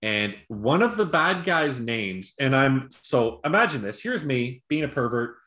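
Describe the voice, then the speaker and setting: This man speaks a little slowly in a medium-pitched voice, the sound roomy and picked up by a video call mic. Co-hosting a podcast, he rambles casually through a movie and show review, cursing and acting out quotes with animated impressions.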